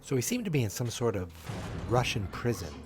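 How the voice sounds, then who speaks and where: A man hosting a podcast, recapping an episode in a casual, animated storytelling way. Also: mid-range voice, a little fast. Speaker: podcast host.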